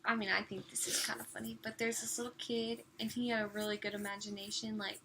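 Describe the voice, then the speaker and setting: A woman's voice: medium pitch, level tone, quick pace, a little hiss or hum. Chatty young woman telling stories. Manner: chatty storyteller with a soft, easy delivery. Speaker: summer youth missionary. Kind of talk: casual chat, storytelling.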